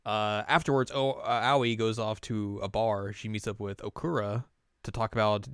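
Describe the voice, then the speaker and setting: A man's voice: lowish voice, steady tone, moderate pace, a bit bright, smooth, no echo, clean studio sound. A man hosting a casual anime recap, rambling with lots of fillers and acting out the characters. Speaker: host.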